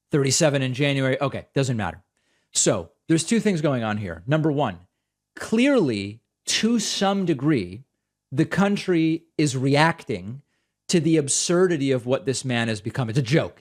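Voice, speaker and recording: A man's voice: medium pitch, darkish tone. A man hosting a political talk show, giving sarcastic, incredulous commentary on news clips.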